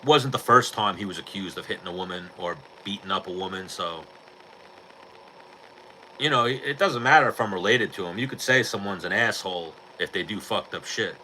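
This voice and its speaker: A man's voice: sits low, a little fast, sharp tone, a little hiss or hum, poor audio. Blunt, foul-mouthed man hosting a podcast. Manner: blunt, profane, rambling. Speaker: podcast host. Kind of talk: casual chat.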